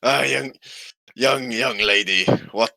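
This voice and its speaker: Man plays a sloshed old codger, loud and bright, slurring at a young woman. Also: medium pitch, slow, vocal fry, no room sound, heavily acted, rough recording. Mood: leering. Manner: cackling, slurred drawl. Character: drunk old man, leering and slow.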